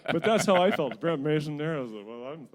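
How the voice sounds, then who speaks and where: A middle-aged singer-songwriter from New Brunswick, telling rambling, self-mocking stories between songs at a house concert. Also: male voice, on the high side, expressive, quick pace. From New Brunswick, Canada. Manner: rambling, self-mocking anecdotes with frequent chuckles. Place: living room at a house concert.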